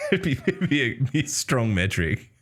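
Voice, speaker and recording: A man's voice: mid-range voice, big pitch swings, normal speed. A man with an Australian accent co-hosting a casual gaming podcast, swearing freely, laughing often and reading chat aloud. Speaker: podcast co-host.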